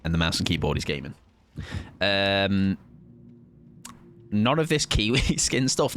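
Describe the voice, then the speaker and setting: A man's voice: fairly low pitch, very animated, moderate pace, long pauses, fairly bright tone, slight background noise. A man in his thirties chatting casually and joking with his audience while streaming a game. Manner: joking, self-mocking banter with chat. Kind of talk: casual chat while gaming.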